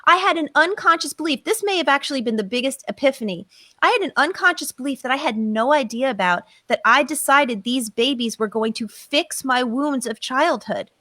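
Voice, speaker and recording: Bright, emphatic middle-aged woman. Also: sits high, animated, fairly quick, no room sound. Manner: emphatic, acts out her own inner voices. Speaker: psychotherapist guest. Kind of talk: personal storytelling on a podcast.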